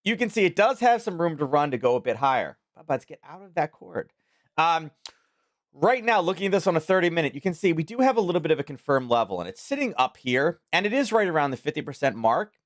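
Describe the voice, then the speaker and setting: A man's voice: fairly high pitch, big pitch swings, quick pace, no room sound, clean studio sound. A man from Maryland hosting a live trading stream, talking in a casual, rambling way with many fillers and restarts. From Maryland, USA. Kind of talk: casual live market commentary.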